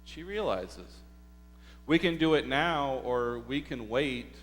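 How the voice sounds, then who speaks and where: A male pastor preaching a sermon, telling the story slowly and deliberately and putting rhetorical questions to the congregation. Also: medium pitch, expressive, fairly bright tone, faint music behind. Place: church sanctuary. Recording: hall reverb with faint mains hum.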